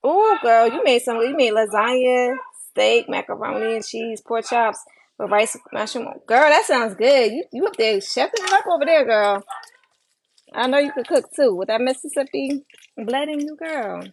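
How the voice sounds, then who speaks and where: Tired gravelly-voiced woman cooking live. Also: on the high side, lively intonation, moderate pace, slight background noise, low-quality recording. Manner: chatty, reads out viewer comments and replies to them. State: tired from lack of sleep. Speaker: livestream host cooking dinner. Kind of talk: casual livestream chat while cooking. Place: home kitchen. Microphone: phone livestream. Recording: kitchen clatter of pans and cutlery.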